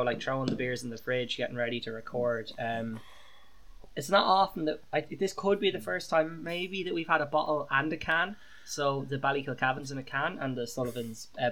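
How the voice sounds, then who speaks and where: A man's voice: mid-range voice, brisk, fairly bright tone, low-quality recording. A man hosting a podcast, chatty and swearing casually. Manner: chatty, swearing, leading questions. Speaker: podcast host. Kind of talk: casual chat.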